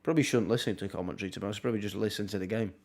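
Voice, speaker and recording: A young man, casually commentating on a football match live for his stream, with wry asides and quick reactions. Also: fairly low pitch, darkish tone. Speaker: watchalong streamer.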